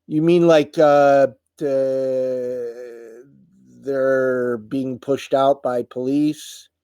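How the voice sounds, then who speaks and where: A middle-aged man hosting a casual livestream, greeting viewers and talking haltingly with many pauses, tired and emotional. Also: mid-range voice, flat delivery, mellow, smooth, dry recording. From United States. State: tired, voice wearing out. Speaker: livestream host. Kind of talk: casual live chat reading viewer comments.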